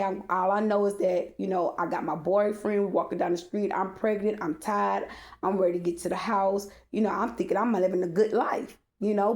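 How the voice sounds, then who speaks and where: A woman's voice: mid-range voice, darkish tone. A woman telling a casual storytime monologue, rambling with many fillers, speaking straight to her audience and swearing freely. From Texas.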